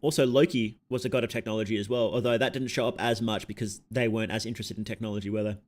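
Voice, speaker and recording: A man's voice: lowish voice, steady tone, racing. Chatty Australian man streaming a game. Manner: rambling and chatty, with self-interrupting asides. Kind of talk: casual gameplay chat.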